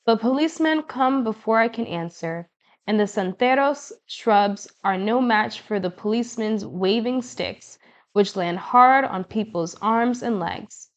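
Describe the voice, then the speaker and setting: A woman narrating an audiobook in the first person, with measured, expressive storytelling. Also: fairly high pitch.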